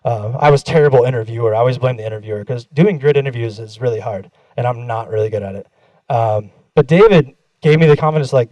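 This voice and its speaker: A man's voice: mid-range voice, animated, quick pace, a little mellow, dry recording, rough recording. A young man giving a casual, candid conference talk, swearing freely and acting out his own anecdotes. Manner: candid, profane, self-deprecating, acts out quoted exchanges. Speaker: conference speaker. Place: conference stage.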